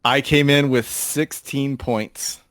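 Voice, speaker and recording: Brief: male co-host, unhurried and hesitant, dry close mic. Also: medium pitch, steady tone, a bit bright, no room sound. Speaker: co-host, scorekeeper. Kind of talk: casual gaming chat.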